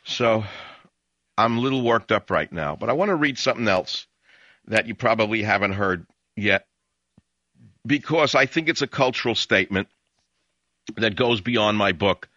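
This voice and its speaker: A male radio talk host delivers a fiery, emphatic monologue in a bright, forceful voice with a slightly low pitch. The sound is dry and close, but dulled like an old lo-fi broadcast. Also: lively intonation, moderate pace, pauses often, no echo.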